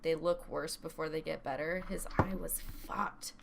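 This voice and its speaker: A woman's voice: low-pitched, steady tone, normal speed, vocal fry, very noisy. A young woman co-hosting a casual podcast who tells stories with constant "like" fillers and nervous laughter. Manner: giggly, storytelling, says "like" constantly. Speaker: podcast co-host. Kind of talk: casual chat.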